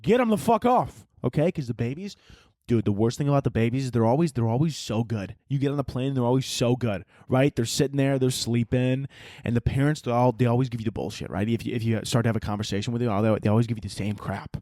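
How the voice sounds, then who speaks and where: A man's voice: mid-range voice, fairly even intonation, quick pace, dark tone, dry recording, studio quality. A young man hosting his own podcast, ranting casually with lots of swearing and laughing at his own jokes. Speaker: podcast host. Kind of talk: casual solo rant.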